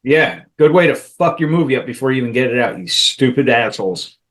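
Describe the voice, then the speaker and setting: A man's voice: medium pitch, expressive, fairly quick, fairly bright tone. Profane, laughing male podcast co-host. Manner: profane, laughs often, jokey asides. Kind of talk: casual crude banter.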